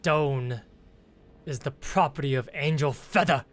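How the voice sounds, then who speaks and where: A man's voice: on the high side, a little slow, pitched above the performer's own voice, natural voice. A man voicing a menacing, hostile male captain in a tabletop game, talking in a threatening, accusing way.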